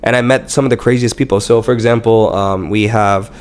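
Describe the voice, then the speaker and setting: A man telling stories in casual podcast chat, animated and swearing, quoting himself and others. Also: lowish voice, brisk. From Canada. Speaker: podcast guest.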